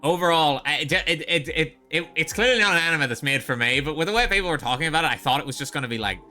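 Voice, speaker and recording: A man's voice: a little high, expressive, quick pace, bright, forceful tone, faint music behind. A male streamer in casual live-stream chat, rambling and opinionated with frequent swearing.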